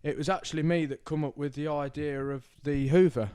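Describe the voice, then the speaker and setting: A man's voice: on the high side, fairly even intonation, fairly quick, dark tone, clean tone, dry recording, studio quality. A man co-hosting a podcast, chatting casually and telling rambling stories full of tag questions. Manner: banter-filled, rambling storytelling with tag questions. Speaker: podcast co-host. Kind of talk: casual chat.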